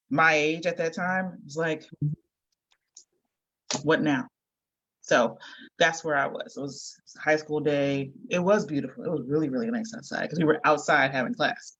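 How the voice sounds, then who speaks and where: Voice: medium pitch, steady tone, pushed and bright, no room sound, low-quality recording. Reflective podcast guest recalling memories. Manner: reflective, halting. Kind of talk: casual storytelling.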